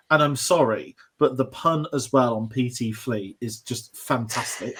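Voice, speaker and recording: A man's voice: medium pitch, a little slow, few pauses, a bit bright, husky. A man co-hosting a film podcast, chatting enthusiastically and rambling with restarts. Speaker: podcast co-host. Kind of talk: casual film discussion.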